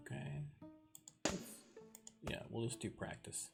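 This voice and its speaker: A man's voice: medium pitch, takes it slowly, gravelly. A man from southern Ontario with a Canadian accent, chatting casually and self-mockingly while playing a game. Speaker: let's play host. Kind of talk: casual gameplay commentary. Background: game music.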